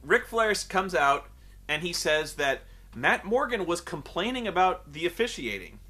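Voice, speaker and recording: A man's voice: high-pitched, moderate pace. A man reviewing a wrestling show in a casual, sarcastic rant. He swears freely and drifts off on tangents. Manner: animated, profane, sarcastic, goes off on tangents. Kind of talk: casual ranting commentary.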